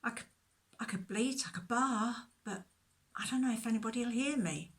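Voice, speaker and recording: A woman voicing a small, curious male lamb who has wandered off, speaking in a soft, half-whispered way. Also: a little high, moderate pace, voice pushed up, close to an everyday voice. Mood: worried.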